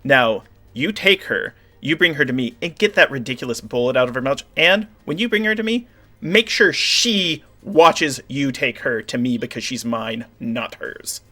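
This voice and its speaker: A man putting on a slow, menacing vampire bride. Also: medium pitch, animated, sharp tone. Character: commanding female vampire bride, possessive.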